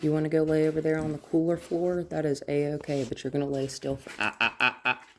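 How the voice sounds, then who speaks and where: A woman's voice: deep voice, quick pace, slight background noise. A woman dog trainer giving a demonstration indoors, explaining step by step and often checking in with "right?". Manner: drops to a soft whisper to calm the dog. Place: indoors in a house.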